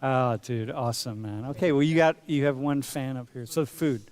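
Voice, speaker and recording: A man's voice: medium pitch, normal speed, a little mellow, clear, resonant tone. A man teaching a university class in a large lecture hall, talking casually and playfully, calling students dude and bro. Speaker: university professor.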